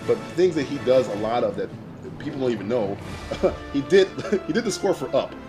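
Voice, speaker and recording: A man's voice: medium pitch, expressive, moderate pace, over music. A man co-hosting a podcast in casual chat, rambling with frequent restarts, swearing and laughing often. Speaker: podcast co-host.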